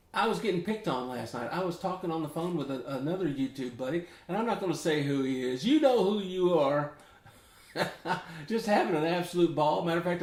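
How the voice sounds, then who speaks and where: Southern US man, middle-aged, slightly high voice, rambling folksy ukulele teacher, echoey home room. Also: darkish tone. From Memphis, Tennessee. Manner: rambling, folksy, chuckles often. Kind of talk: casual chatty tutorial. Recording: roomy echo.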